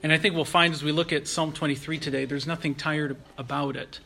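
A man preaching a sermon in an earnest, measured way, slowing down and pausing to stress key phrases. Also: on the high side, fairly even intonation, vocal fry, bright, forceful tone, slight background noise. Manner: earnest, measured preaching with slow emphatic pauses. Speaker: pastor.

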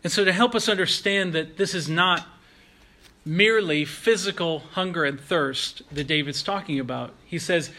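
A man delivers a sermon in a bright, forceful voice that sits a touch high. He speaks earnestly and at a measured pace. He slows right down and leans on phrases he wants to stress. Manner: earnest, measured preaching with slow emphatic pauses. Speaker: pastor.

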